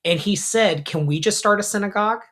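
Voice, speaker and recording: In casual podcast chat, a middle-aged man who is a rabbi and co-host spins animated stories packed with fillers and side remarks. He speaks in a high register at a brisk clip.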